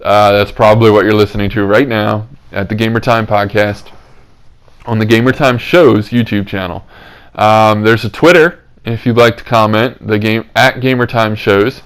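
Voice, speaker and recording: A man's voice: on the low side, steady tone, moderate pace, clean tone. A young man hosting a casual podcast, talking in rambling, filler-heavy, upbeat bursts. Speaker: podcast host. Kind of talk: casual chat.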